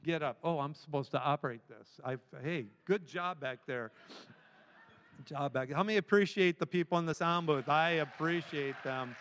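A man with a fairly high, slightly bright voice preaches as a guest speaker in a large church sanctuary, moving at a moderate pace. He exhorts the congregation emphatically, repeating phrases again and again. Long hall reverb fills the recording, with some chatter in the background.

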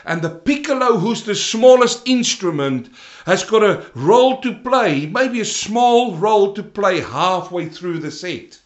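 A man delivers a sermon in a slightly high voice, swinging from loud, rising emphasis down to low, quiet stretches. The sound carries a roomy echo around him. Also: expressive, a little slow. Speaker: preacher.

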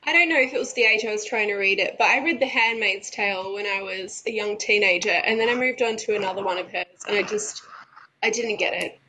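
A woman co-hosting a casual chat, animated and laughing often as she talks. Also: medium pitch, fairly quick, a little hiss or hum, poor audio. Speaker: podcast co-host.

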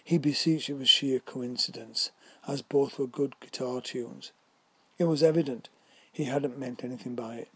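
A man narrating a whimsical story in a measured reading voice. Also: medium pitch, steady tone, slightly rough, no room sound.

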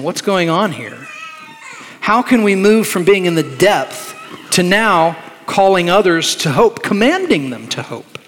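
A man preaching a sermon as pastor, earnest and emphatic, slowing down to stress key words. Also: high voice, lively intonation, fairly bright tone, a little hiss or hum. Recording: long reverb of a large hall.

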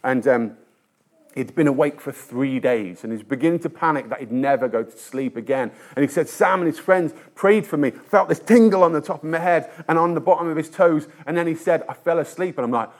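A male preacher with a slightly raised pitch tells stories from his neighborhood in a loose, conversational sermon. He stumbles and restarts often and pokes fun at himself. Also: brisk. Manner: storytelling, with frequent hesitations and restarts; conversational and self-deprecating.

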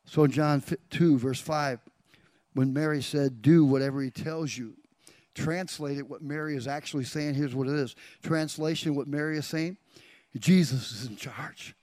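This male pastor preaches in a high-leaning voice with a steady tone, at a normal pace, picking out congregation members by name. He alternates soft whispers with loud climaxes, recorded with no echo.

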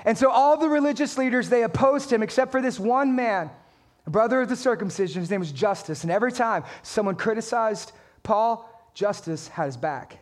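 Very high-voiced man preaching. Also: fairly quick. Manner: emphatic, joking preaching to a congregation. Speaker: pastor. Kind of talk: sermon.

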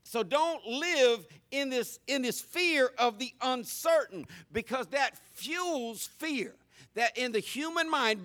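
A man's voice: very high-pitched, sharp tone. A man preaching a folksy, humorous sermon, stumbling through many stammered restarts.

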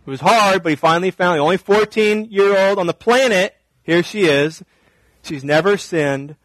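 A male pastor delivering a sermon in an animated way, rising loud for emphasis and dropping quiet for asides. His voice sits fairly high, and the sound is dry and close. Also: normal speed, no echo.

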